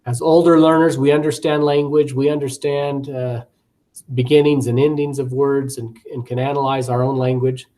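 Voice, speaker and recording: A man's voice: mid-range voice, little pitch movement, normal speed, warm tone. A man giving recorded course commentary as a teacher educator, talking conversationally with frequent fillers, repeated words and acted classroom examples.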